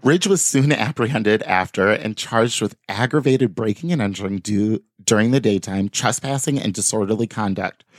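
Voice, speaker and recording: A man's voice: fairly low pitch, moderate pace, few pauses, no room sound, studio quality. A man hosting a podcast, reading news articles aloud with offhand jokey asides in casual chat. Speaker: podcast host.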